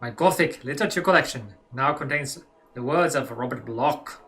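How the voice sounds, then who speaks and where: A man's voice: medium pitch, normal speed, fairly bright tone, natural voice. A man voicing a formal, weary German male head doctor in a mock German accent that drifts toward French, reading a letter in a theatrical way.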